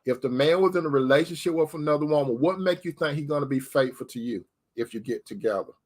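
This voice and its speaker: A man's voice: on the high side, fast, darkish tone. A man giving preacher-style relationship advice, asking rhetorical questions and calling listeners sister. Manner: addresses listeners as sister, repeats key phrases.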